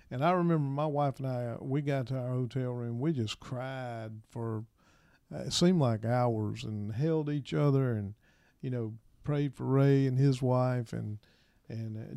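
Soft-spoken, halting middle-aged man. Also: medium pitch, gravelly, no room sound, studio quality. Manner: halting and soft-spoken, with many pauses and restarts. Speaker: minister and interview guest. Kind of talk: personal testimony in an interview.

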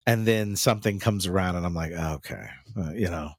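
A man's voice: sits low, quick pace, no room sound, clean studio sound. A man chatting casually as a podcast co-host, candid and profane, often restarting his sentences. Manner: candid, profane, mimics lines while he talks. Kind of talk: casual chat.

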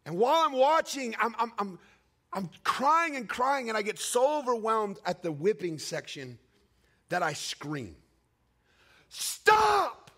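A man preaching a sermon, telling a personal story with emotional swings between raised cries and hushed, quiet passages. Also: lively intonation, measured pace. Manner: emotional storytelling with sweeping highs and hushed lows.

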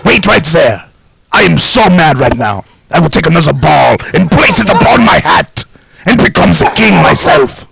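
A man's voice: on the high side, sing-song, normal speed, creaky, over a noisy crowd, pitched above the performer's own voice, full character voice, rough recording. A man playing a boastful, self-crowned mock king with grandiose, formal speech in an improvised comedy bit.

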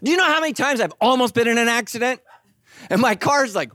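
A middle-aged man preaching a sermon, animated and joking, acting out quoted voices. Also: high-pitched, a little fast, no room sound. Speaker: pastor.

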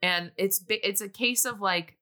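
A woman's voice: mid-range voice, normal speed, pushed and bright. A woman casually recapping a movie plot in a chatty way, sometimes briefly acting out the characters' lines.

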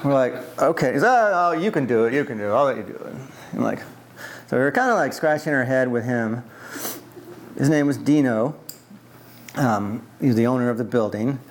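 Brief: man from the US East Coast, mid-pitched, rambling storyteller in an oral history interview. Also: gravelly, slight background noise. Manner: rambling, conversational, many fillers and restarts.

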